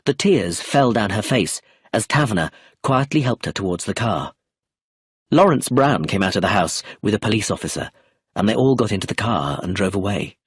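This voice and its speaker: A man reading a novel aloud as narration for English learners, clear and measured. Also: on the low side, expressive, no echo, clean studio sound. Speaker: audiobook narrator.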